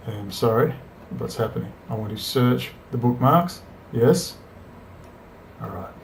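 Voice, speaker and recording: A man's voice: medium pitch, darkish tone, a little hiss or hum. Combative man ranting to camera. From Australia. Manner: combative, profane, rapid-fire rhetorical questions. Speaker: political video commentator.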